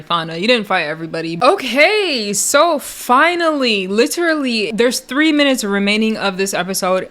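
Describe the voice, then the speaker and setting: A young woman casually recapping a reality show, chatty and animated, laughing often and acting out quotes in loud high bursts.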